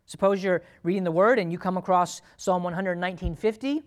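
A man's voice: high-pitched, fairly quick. A man, a pastor, preaching a sermon in a conversational way, asking the congregation questions and acting out thoughts and prayers aloud.

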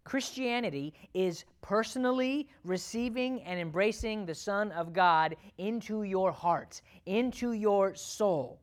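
A woman preaches a sermon with an emphatic delivery. She repeats her key lines for weight and asks the congregation questions. Her level swings from loud, driving passages down to quiet, close ones. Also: mid-range voice.

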